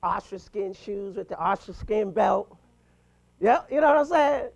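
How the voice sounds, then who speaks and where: A man in his fifties giving an animated, punchy motivational talk to a mastermind group, chuckling between points. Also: high-pitched, measured pace, gravelly, highs cut off. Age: 50s.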